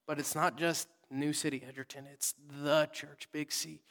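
A young man preaching a sermon in casual, conversational words, swinging from loud readings to soft whispered asides. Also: on the high side, flat delivery, normal speed, creaky, long reverb tail. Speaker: pastor. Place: church sanctuary.

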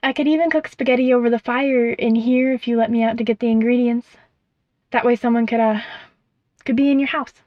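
Woman doing a squeaky timid little mouse. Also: steady tone, fairly quick, no echo, close to an everyday voice. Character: small timid mouse, lonely, self-doubting. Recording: dull, dry recording.

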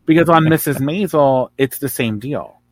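A man's voice: on the high side, normal speed, dry recording. Opinionated man in dry casual chat. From New Jersey. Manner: opinionated, animated, rambling asides. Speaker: podcast guest.

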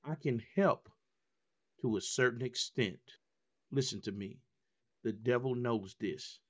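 A man preaching a sermon, moving from low asides to high, emphatic calls and repeated refrains. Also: a little slow, muffled recording. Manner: repetitive call-and-response preaching.

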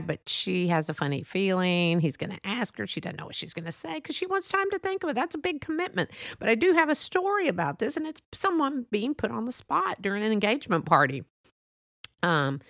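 A woman's voice: on the low side, fairly bright tone, no echo, studio quality. A woman telling a personal story in a chatty, rambling way, with lots of asides. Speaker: podcast storyteller. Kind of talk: casual storytelling monologue.

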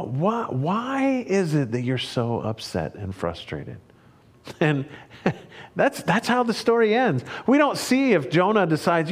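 Man, pastor, sermon, high voice, lively storytelling, repeated words.

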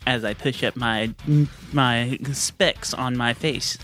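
Smug know-it-all nerd guy, a man hamming it up, bright tone. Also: medium pitch, steady tone, slow pace, soft background music, pitched below the performer's own voice. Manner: smug, self-satisfied. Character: cocky nerdy man.

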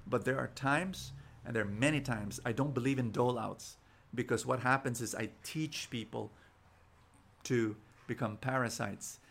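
A man's voice: mid-range voice, moderate pace, creaky, a bit bright. A man, preaching an inspirational sermon and telling stories, often repeating words as he starts sentences. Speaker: preacher and show host.

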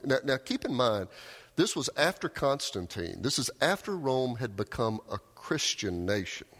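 A man preaching a sermon, telling a story with raised cries and quiet, low emphasis. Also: big pitch swings, moderate pace. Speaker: pastor. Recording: long hall reverb.

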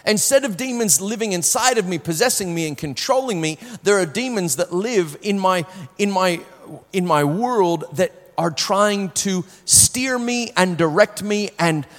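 A man's voice: sits high, lively intonation, a little slow, hardly any pauses. Man preaching in a reverberant hall. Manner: emotional storytelling, swings from hushed to loud; repeats words when starting sentences. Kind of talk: sermon with personal testimony.

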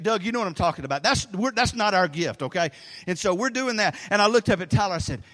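High-voiced pastor in a reverberant hall. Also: male voice, fast talker. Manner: rambling, animated storytelling, drops low for asides. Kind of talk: sermon. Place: church sanctuary. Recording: long reverb of a large hall.

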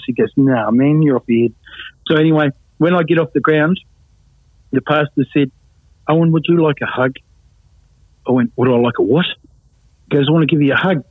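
A man with a husky, medium-pitched voice tells his life story as a guest giving his testimony, talking casually, laughing often and acting out other people's voices. The sound is dry, with no echo, but comes through a tinny, phone-like line.

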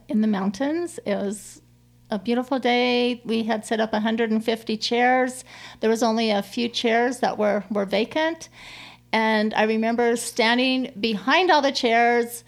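Heartfelt middle-aged woman, halting speech. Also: a little high. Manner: heartfelt, halting storytelling with restarts. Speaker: guest. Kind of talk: conversational interview.

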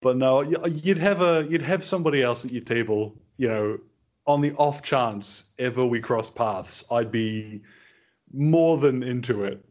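A man appears as a guest on a casual podcast and talks about running tabletop games. His voice sits at a middling pitch. He has a wry, self-deprecating way of telling things. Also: measured pace, darkish tone. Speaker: podcast guest, game master. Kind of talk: casual chat.

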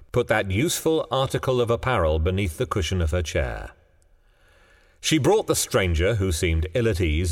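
Deep-voiced man telling a ghost story. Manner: measured, dramatic storytelling. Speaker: narrator. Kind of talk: scripted ghost story narration. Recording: long hall reverb, faint music.

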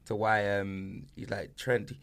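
A man's voice: on the low side, fairly quick, creaky, pushed and bright. A man, hosting a podcast and trading slang-heavy, jokey football banter. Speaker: podcast host.

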